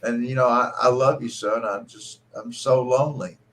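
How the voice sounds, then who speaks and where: A man's voice: mid-range voice, steady tone, normal speed, voice pushed up, natural voice. A man voicing his dying old father, a lonely and pleading sick man.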